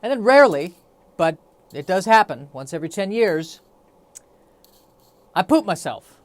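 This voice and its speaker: A man's voice: high-pitched, very animated, measured pace, dry recording. Guy rambling on his solo podcast, wry and self-mocking, dry close mic. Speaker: podcast host. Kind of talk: solo comedic podcast monologue.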